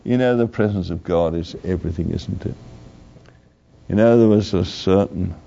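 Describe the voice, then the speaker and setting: Older guy preaching slow and earnest, low gravelly voice, dull lo-fi sound. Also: dark tone. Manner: slow, earnest, repeats key phrases. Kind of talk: sermon. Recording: dull lo-fi recording.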